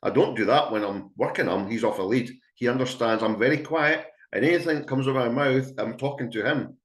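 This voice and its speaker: A Scottish dog trainer speaks briskly in a mid-range voice, the sound roomy, during a chatty, emphatic webinar before a live audience indoors. He acts out calls to a dog.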